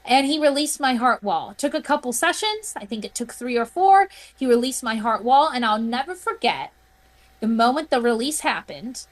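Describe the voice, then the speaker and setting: A woman guest on a podcast, telling a personal story in an earnest, heartfelt way. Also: on the high side. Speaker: interview guest, healing practitioner.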